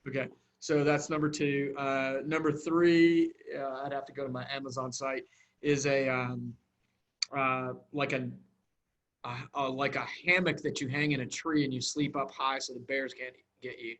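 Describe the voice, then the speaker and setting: A man's voice: medium pitch, level tone, normal speed, a bit bright. A man co-hosting a podcast in casual chat, hesitant with many fillers, and defensive when teased. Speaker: podcast co-host.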